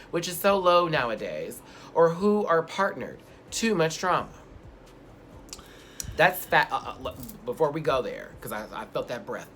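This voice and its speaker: A man's voice: fairly high pitch, fairly bright tone. Sassy chatty man with faint room hiss. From Houston. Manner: playful, sassy, drifts into put-on accents. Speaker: co-host. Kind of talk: casual chat, reading viewer questions.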